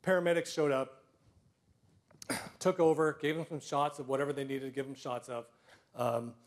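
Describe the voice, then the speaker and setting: A middle-aged man telling personal stories to a live audience, self-deprecating, with comic timing and frequent throat clearing. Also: medium pitch, fairly even intonation, normal speed. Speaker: storyteller.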